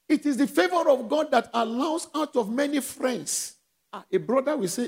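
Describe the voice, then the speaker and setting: A man's voice: very high-pitched, animated, moderate pace, breathy edge. A man with a Nigerian accent preaching a sermon, asking the church questions and letting them call back the answers. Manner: call-and-response preaching, rising and dropping in volume. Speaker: pastor.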